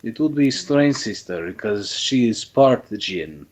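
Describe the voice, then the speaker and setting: A man as a calm horned traveler. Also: medium pitch, a little slow. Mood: inquiring.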